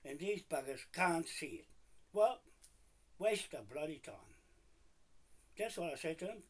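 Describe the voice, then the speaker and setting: A husky-voiced man mutters and grumbles to himself, swearing freely. His pitch swings widely between low under-the-breath mumbles and louder bursts. He talks alone at his desk in a home office. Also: big pitch swings, a little slow, pauses often, poor audio. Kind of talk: muttering to himself on a live stream.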